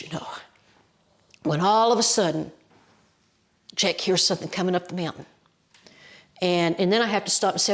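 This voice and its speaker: A woman's voice: fairly low pitch, moderate pace, pauses often. Folksy Appalachian woman telling a story. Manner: lively and folksy, with colloquial mountain phrasing. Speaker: storyteller, podcast guest. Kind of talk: animated oral storytelling.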